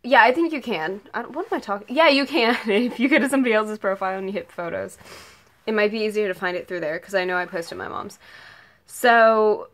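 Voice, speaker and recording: A teenage girl tells a casual story in a vlog, gushing and rambling as she goes. She leans on "like" and "oh my god" constantly. Her voice sits at an ordinary middle pitch. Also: brisk, a bit bright. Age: late teens. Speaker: vlogger.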